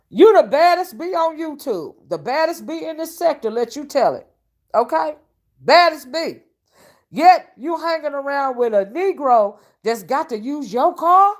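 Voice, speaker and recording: A woman hosting a casual live-stream commentary, sassy and mocking as she rants and greets her chat. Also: high voice. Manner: greets chat viewers mid-rant. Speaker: online commentary host.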